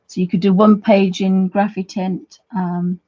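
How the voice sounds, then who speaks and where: Mellow, husky woman teaching watercolours. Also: mid-range voice, little pitch movement, measured pace, dull audio. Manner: chatty, friendly asides to viewers, trailing restarts. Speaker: art tutor, livestream host. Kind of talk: casual live craft demonstration.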